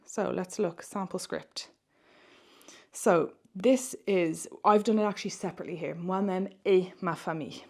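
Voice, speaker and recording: Woman teaching French, low voice. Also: normal speed, creaky, darkish tone. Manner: explains in English, models French questions aloud. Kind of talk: online exam-prep lesson.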